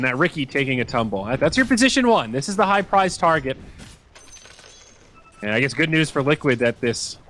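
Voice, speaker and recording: Animated male esports play-by-play caster. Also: mid-range voice, slight background noise. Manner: excitable, animated calls. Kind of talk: play-by-play commentary.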